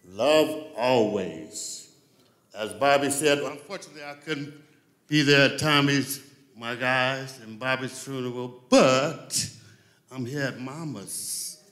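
A man giving a rambling, heartfelt eulogy at a funeral, repeating himself and apologizing as he goes. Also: medium pitch. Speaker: family friend giving a eulogy. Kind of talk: emotional spoken tribute. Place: church. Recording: echoey church sanctuary.

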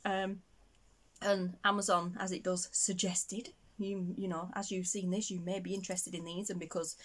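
A woman's voice: on the low side, level tone, moderate pace. A middle-aged woman from Northern England with a Northern English accent, chatting casually and rambling as a vlogger, laughing often. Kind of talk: casual chat.

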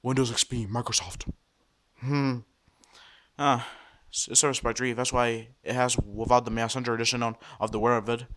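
A man giving casual commentary over a computer screen recording, talking to viewers in a halting, excitable way and often repeating and restarting words. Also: mid-range voice. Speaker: computer vlogger.

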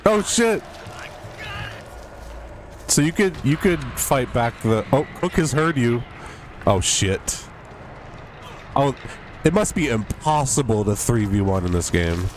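A man streaming a horror game, yelping, swearing and apologizing to his teammates, then musing calmly on the game. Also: medium pitch, slow pace, pauses often. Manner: calm, musing commentary. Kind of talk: live game commentary. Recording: faint background noise.

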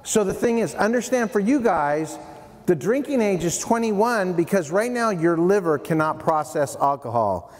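A man giving a playful, animated prevention talk to middle schoolers at a school assembly, addressing them directly. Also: high voice, normal speed. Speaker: youth prevention speaker. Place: middle school hall, indoors. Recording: long hall reverb, faint room noise.

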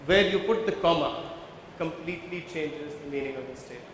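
A man gives a workshop talk, stopping often to put questions to the room. His voice sits a little high for a man. It rings through a large hall with long reverb and a faint hiss underneath. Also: fairly even intonation, fast. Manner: engaging, quizzes the audience, explains step by step. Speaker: visual merchandising trainer. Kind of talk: workshop lecture with audience questions. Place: large conference hall with a live audience. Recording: very echoey hall, faint background noise.

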